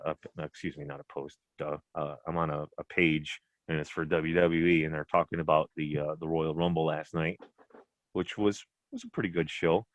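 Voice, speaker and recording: A man's voice: low voice, no echo, dull audio. A man hosting a casual podcast, rambling through a story with lots of restarts and the odd swear word. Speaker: podcast host. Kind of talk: casual chat.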